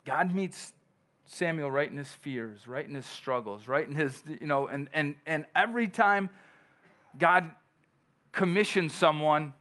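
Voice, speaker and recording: A man's voice: fairly high pitch, measured pace, bright, forceful tone. Man preaching in a conversational way. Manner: conversational preaching with repeated restarts; reads scripture aloud. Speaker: pastor. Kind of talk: sermon.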